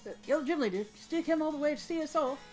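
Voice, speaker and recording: A woman's voice: high voice, fast, darkish tone. A woman hosting a let's play, chatting casually and playfully over her gameplay with light game music behind her. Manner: playful, reads game dialogue aloud in put-on voices.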